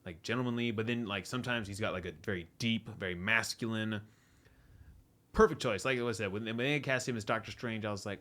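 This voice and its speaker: A man's voice: fairly low pitch, fast talker, a bit bright. A young man co-hosting a podcast, chatting casually about a movie, rambling with lots of "like" and "you know". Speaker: podcast co-host. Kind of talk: casual movie review chat.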